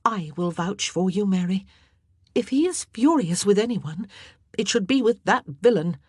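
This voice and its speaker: A regal young queen, brisk and commanding yet kind, as a woman reader puts her on. She speaks a little above the reader's usual pitch, with a lively lilt. The voice is breathy and dry, as in a close booth. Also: dry recording.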